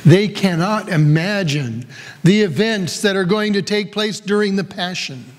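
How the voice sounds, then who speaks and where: A pastor delivers a sermon in a high, bright-pitched man's voice. His emphasis rises and falls as he reads scripture and then moves into storytelling. The words ring out with long reverb through a church sanctuary. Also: unhurried.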